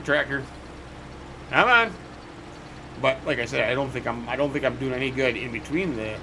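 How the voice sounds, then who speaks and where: Gravelly man, folksy game commentary. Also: mid-range voice, noisy background. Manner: folksy, rambling, chatty. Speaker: host. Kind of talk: casual gameplay commentary.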